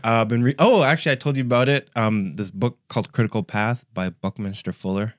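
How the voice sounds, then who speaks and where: A man's voice: medium pitch, fast talker, no echo, clean studio sound. A young man who produces the podcast, chatting casually and easily about a book he is reading.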